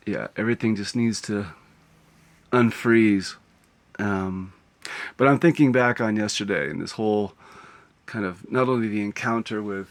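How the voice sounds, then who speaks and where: A man vlogging from the road in a casual, rambling, reflective way, laughing now and then. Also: lowish voice. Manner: musing, rambling, given to laughing. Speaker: travel vlogger. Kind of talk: casual reflective vlog talk. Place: outdoors on the road, then inside his vehicle on a cold morning.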